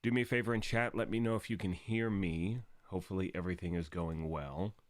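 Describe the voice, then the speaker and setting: A man hosting a gaming live stream in upbeat, casual chat, his voice raspy from the early morning. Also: low-pitched, fairly even intonation, brisk, no room sound. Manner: upbeat and chatty, greeting viewers.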